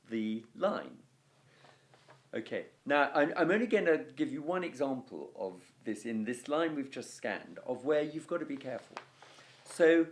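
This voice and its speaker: A middle-aged man with an English accent gives a video lesson on Latin verse. He talks slowly, and his pitch swings widely, like a teacher keeping students engaged. He explains things patiently and sometimes chants out the rhythm of a line.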